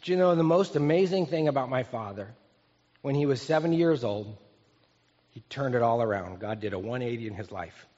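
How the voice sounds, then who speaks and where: A man preaching a sermon as a pastor, talking in a relaxed, storytelling way with pauses and restarts. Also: mid-range voice. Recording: dull, echoey hall recording.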